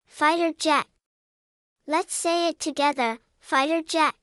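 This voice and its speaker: A woman narrating a scripted vocabulary lesson for young children, spelling words out slowly and adding playful sound words. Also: high-pitched, no room sound, clean studio sound. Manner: slow, even spelling-out with cheerful sound words. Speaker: vocabulary teacher.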